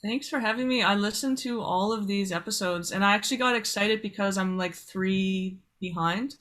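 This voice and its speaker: A woman's voice: mid-range voice, moderate pace, a bit bright. A woman guest, a singer-songwriter, chatting casually and easily over a video call, sometimes apologetic. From Canada. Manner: chatty, apologetic, laid-back.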